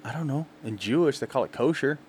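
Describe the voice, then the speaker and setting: A man co-hosting a casual podcast, telling stories in quick, animated bursts and laughing often. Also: medium pitch, a little hiss or hum. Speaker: podcast co-host. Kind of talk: casual chat.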